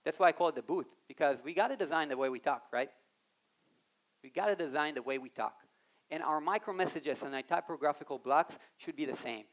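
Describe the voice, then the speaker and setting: A man giving an animated live talk on a conference stage, speaking straight to the audience and acting out quoted voices. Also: a little high, brisk. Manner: animated, addresses the audience directly.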